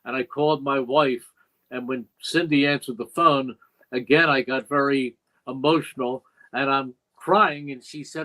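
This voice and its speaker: An older man who spent his career as a radio play-by-play broadcaster tells stories in an interview, earnest and reflective, acting out quoted dialogue. His mid-range voice is bright and forceful, with fairly even intonation and a measured pace, but the audio is poor.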